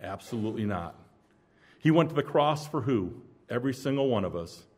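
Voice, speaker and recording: A man preaching a sermon, dramatic, swinging between loud emphasis and hushed intensity. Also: medium pitch, sing-song, a little fast, husky.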